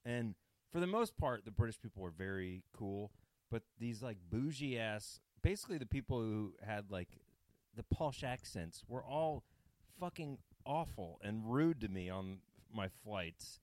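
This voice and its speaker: A man's voice: on the low side, a little slow. An American man hosting a comedy podcast, telling stories animatedly with lots of swearing. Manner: animated, profane, does accents. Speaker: podcast host. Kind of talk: comedic storytelling chat.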